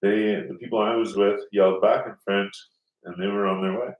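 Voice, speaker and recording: A man's voice: fairly low pitch, fairly even intonation, a little fast, dull audio. A man telling a rambling story in casual chat, swearing a lot and acting out other people's lines. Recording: roomy sound from a distance.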